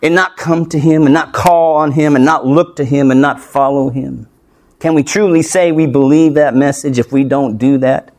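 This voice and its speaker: Emphatic pastor preaching, higher male voice. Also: fairly even intonation, moderate pace, a little mellow. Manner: emphatic, questioning the congregation. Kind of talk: sermon.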